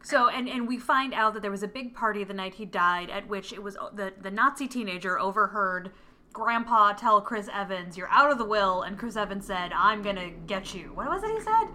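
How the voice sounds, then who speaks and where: A woman in casual chat, retelling a film's plot with lively acted-out lines. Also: mid-range voice, brisk. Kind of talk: casual movie recap chat.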